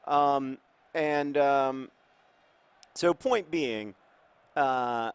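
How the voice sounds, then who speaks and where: Gravelly man with a numb mouth. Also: fairly high pitch, animated, takes it slowly, long pauses. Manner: rambling, digressive, wry. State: mouth numb after oral surgery. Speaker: host playing a football management game. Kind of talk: casual gameplay commentary.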